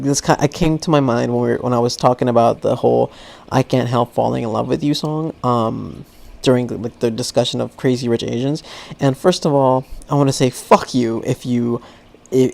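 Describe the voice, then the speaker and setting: A young man talks alone into a podcast mic, rambling from one thought to the next and swearing freely. His voice has a gravelly, fry-heavy edge at a middle pitch. He laughs at his own stories as he goes. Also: a little mellow. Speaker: podcast host. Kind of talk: solo podcast monologue. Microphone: podcast microphone.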